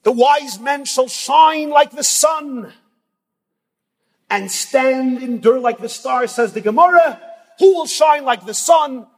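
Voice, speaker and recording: High husky male preacher in a hall. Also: takes it slowly. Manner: dramatic, emphatic, swings between loud and soft. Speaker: rabbi speaker at a yeshiva event. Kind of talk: sermon with storytelling. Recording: long reverb from a large hall.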